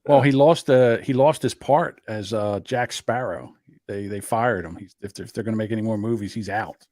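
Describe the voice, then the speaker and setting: A man's voice: fairly low pitch, normal speed, a little mellow, no echo, studio quality. A man hosting a podcast, chatting casually and joking, with loose restarts. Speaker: podcast host. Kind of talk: casual chat.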